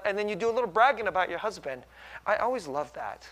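A man's voice: high-pitched, sing-song, quick pace, a bit bright. A middle-aged man preaching in a conversational, self-deprecating way, often checking in with tag questions. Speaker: pastor. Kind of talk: conversational sermon.

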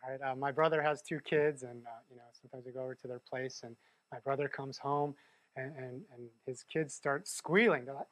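A man's voice: mid-range voice, moderate pace, a bit bright, no echo. A man preaching a sermon in a conversational way, often checking in with the listeners. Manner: conversational, keeps asking "right?". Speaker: pastor.

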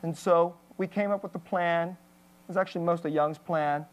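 A woman's voice: lowish voice, fairly even intonation, moderate pace, low-quality recording. A woman pastor giving an emotional, candid personal testimony in a sermon, with plenty of fillers and restarts.

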